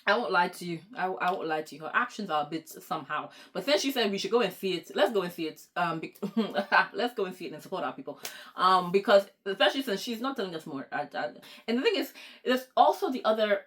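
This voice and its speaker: Excitable, lively-voiced woman book vlogger. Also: on the low side. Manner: excitable, rambling, with quick apologetic asides. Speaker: book YouTuber. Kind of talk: casual chat to camera.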